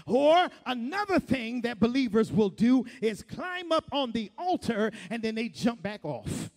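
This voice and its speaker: Preacher guy, high voice that jumps all over, repeats lines, gets the church to say it back. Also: unhurried, few pauses. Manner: call-and-response preaching with repetition, rising to shouts; animated storytelling, laughs often. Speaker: pastor. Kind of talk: sermon.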